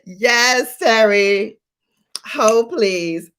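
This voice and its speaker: A woman's voice: a little high, extremely slow, fairly bright tone, slight background noise. A woman hosting a beauty livestream, chatting playfully and greeting viewers by name. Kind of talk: casual livestream chat.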